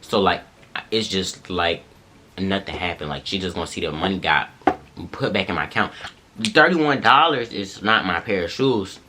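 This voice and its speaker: A young man casually telling a story to viewers, animated and full of slang. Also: sits low, normal speed, noisy background. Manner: animated slangy retelling, addresses viewers as y'all and bro.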